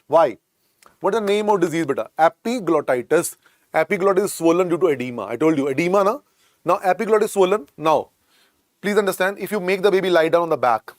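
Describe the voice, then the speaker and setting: Somewhat high but darkish in tone, an Indian-accented man's voice comes through clean studio audio without room sound. He teaches a medical exam class lecture-style, repeating each term again and again, mixing in Hindi, and calling students "beta."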